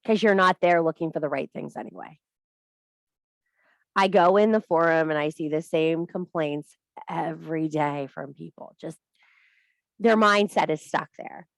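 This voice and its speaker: A woman's voice: low voice, unhurried, gravelly, long pauses, no room sound, rough recording. A middle-aged woman teaching a group, giving a blunt, profane tough-love talk and laughing at herself now and then. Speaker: spiritual course teacher.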